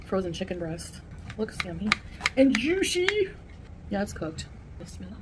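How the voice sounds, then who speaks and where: A woman's voice: on the low side, steady tone, brisk, background noise. Chatty woman talking between bites. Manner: chatty and rambling, eating between words. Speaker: vlogger. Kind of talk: casual eating vlog chat.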